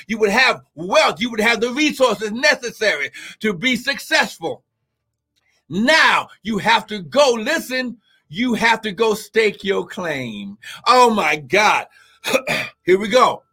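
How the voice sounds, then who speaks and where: A man preaching a livestreamed sermon, reading scripture and breaking into fervent shouts, exclamations and call-and-response questions. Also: high voice, husky. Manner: reads scripture aloud and breaks off to exhort listeners.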